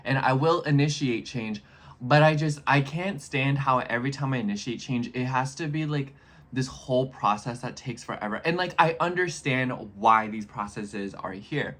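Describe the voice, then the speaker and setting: A man in his twenties chatting casually in a vlog, rambling and animated as he speaks straight to his viewers. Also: mid-range voice, moderate pace. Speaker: astrology YouTuber.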